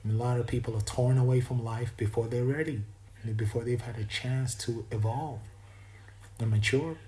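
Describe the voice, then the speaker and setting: A man's voice: mid-range voice, steady tone, moderate pace, warm tone, a little hiss or hum, low-quality recording. A man with a self-described imperfect East Coast American accent, giving a rambling spiritual monologue and often stopping to restart his sentences. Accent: East Coast American, self-described as not perfect. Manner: meandering and reflective, with frequent restarts.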